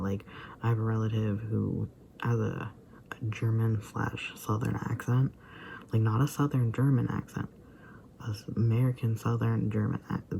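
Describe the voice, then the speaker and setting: A man talks through his reactions in a loose, rambling vlog style, stacking up fillers and slipping into near-whispered asides. His voice has a gravelly edge and a dark, mellow tone. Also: on the low side, slight background noise. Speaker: vlogger reacting to a video. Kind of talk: casual rambling commentary.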